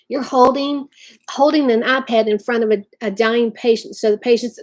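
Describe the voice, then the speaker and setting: A middle-aged woman hosts a live chat, speaking in a somewhat high voice. She talks straight to her viewers, emphatic and heartfelt. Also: steady tone, normal speed. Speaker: livestream host.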